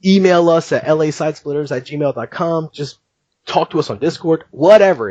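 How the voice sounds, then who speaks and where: A man hosting a podcast, recounting things in an animated, chatty way and laughing often. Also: fairly high pitch, moderate pace, no echo, lo-fi sound. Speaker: podcast host. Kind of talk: casual podcast chat.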